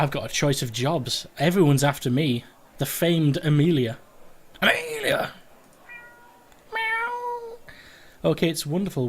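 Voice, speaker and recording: A man casually playing and commenting on a game, joking and swearing freely. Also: fairly high pitch. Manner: crude, joking, swears a lot. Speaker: let's play host.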